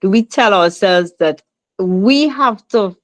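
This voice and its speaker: A woman's voice: mid-range voice, expressive, takes it slowly. Woman host running a group chat, asks questions, calls on folks. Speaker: discussion moderator. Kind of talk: moderating group discussion.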